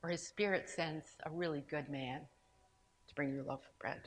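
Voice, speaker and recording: A woman's voice: deep voice, steady tone, moderate pace, in a large hall, slight background noise. A woman speaking to a gathering, telling a personal story in a conversational, sermon-like way with asides and restarts. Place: large room with an audience.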